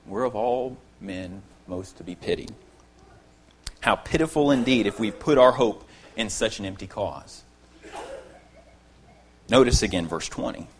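A man's voice: fairly low pitch, animated, measured pace, long pauses. Earnest male preacher, emphatic and varied. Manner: earnest, emphatic on key phrases, drops to quiet asides. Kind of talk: expository sermon.

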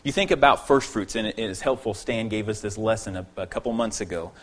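A man preaching an expository sermon to his congregation, earnest and emphatic, repeating key phrases and dropping to quiet asides. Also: lowish voice, fairly quick.

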